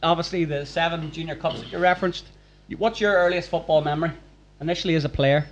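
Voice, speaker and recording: A man's voice: on the high side, fairly even intonation, quick pace, dull audio, a little hiss or hum. A man hosting a live podcast recording in front of a room, chatty and encouraging with questions. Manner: upbeat, chatty, prompting questions. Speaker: podcast host. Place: packed function room.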